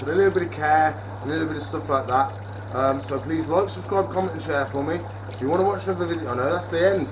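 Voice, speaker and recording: A man's voice: on the high side, background noise. A man running a reptile shop, chatting casually on camera and talking to his animals. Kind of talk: casual vlog chat.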